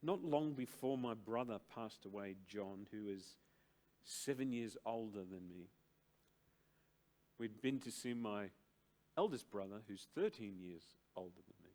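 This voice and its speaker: Slow, emphatic older pastor. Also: male voice, lowish voice, expressive. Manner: slow, emphatic preaching with dramatic pauses and big swings in loudness. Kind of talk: sermon. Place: church service.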